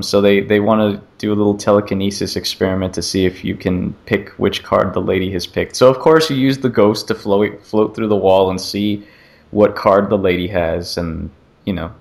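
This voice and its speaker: A man co-hosting a casual gaming podcast, rambling through an animated retelling of a game demo. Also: fairly low pitch, vocal fry. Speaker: podcast co-host.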